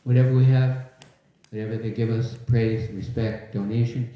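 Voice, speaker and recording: A man's voice: medium pitch, moderate pace. An older man giving a devotional talk to a live audience in a large hall, telling humorous stories and leading call-and-response. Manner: humorous, lively storyteller. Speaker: devotional speaker. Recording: very echoey, dull hall recording.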